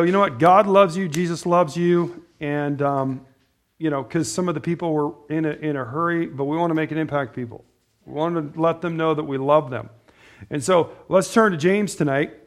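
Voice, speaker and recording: A man's voice: on the high side, moderate pace. A middle-aged man preaching an informal sermon, telling stories in a rambling, conversational way with restarts and asides. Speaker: pastor.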